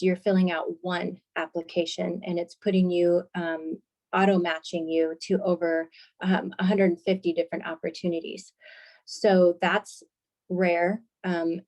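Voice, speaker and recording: Woman on a video call walking students through a scholarship app, kinda low voice, lots of ums. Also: warm tone. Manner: friendly, explanatory, with frequent "um" fillers. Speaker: college scholarship specialist. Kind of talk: informational presentation on a video call.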